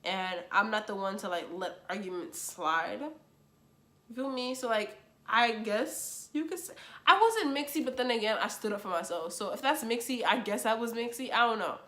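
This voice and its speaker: A young woman telling a storytime on her channel, animated and blunt, with slangy, quick comebacks. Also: mid-range voice. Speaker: YouTuber. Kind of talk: storytime vlog.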